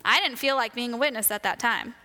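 A woman telling a church testimony in a lively storytelling way, acting out the voices of the people in her stories. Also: a little high, a little fast, in a large hall. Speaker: church member sharing a testimony.

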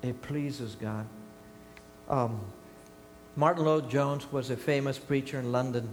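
An older man preaching a sermon as pastor. He is emphatic, swinging between loud high bursts and quiet low asides. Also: fairly even intonation, slow. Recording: echoey hall with long reverb, faint hum.

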